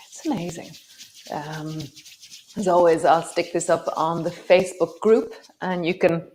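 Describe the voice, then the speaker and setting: A woman's voice: fairly low pitch, little pitch movement, slow. A woman teaching a guided yoga and meditation class, chatty and rambling with many fillers, her voice slightly wobbly. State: voice slightly wobbly from strong scent.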